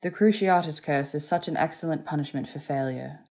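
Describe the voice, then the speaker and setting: A woman's voice: low-pitched, steady tone, a little fast, a little mellow. A woman voicing a bitter, worn-down young man who speaks in a clipped, cold and bland way in an audiobook reading.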